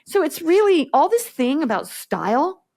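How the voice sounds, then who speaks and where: A woman's voice: sits high, very animated, moderate pace, creaky, darkish tone. A woman business coach speaking bluntly and directly as a podcast guest, acting out the exchanges she quotes. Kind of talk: podcast interview conversation.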